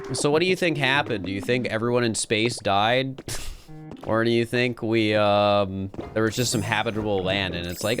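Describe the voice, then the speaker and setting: A man's voice: lowish voice, normal speed, over music. A man hosting a let's play, chatting casually over the game with wry, playful asides.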